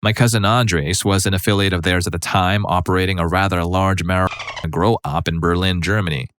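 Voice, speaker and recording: Low-voiced male story narrator. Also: steady tone, brisk, fairly bright tone, a little hiss or hum. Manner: conversational, wry storytelling. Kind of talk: narrated online stories, first-person.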